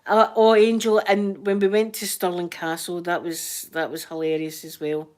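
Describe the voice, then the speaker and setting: A woman's voice: on the low side, little pitch movement, normal speed, a little mellow. A Scottish woman hosting a casual live chat with her viewers, telling funny stories, laughing often and acting out what people said. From Scotland. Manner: chatty storyteller, laughs often, acts out quoted voices. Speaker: livestream host chatting to viewers.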